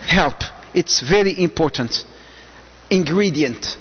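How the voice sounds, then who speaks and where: Preacher guy, high-ish voice, lively, acts stuff out, echoey hall. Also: slow pace. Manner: animated, acts out little scenes with sudden loud lines. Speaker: Islamic preacher. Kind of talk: lecture to an audience. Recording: muffled recording in a large echoing hall.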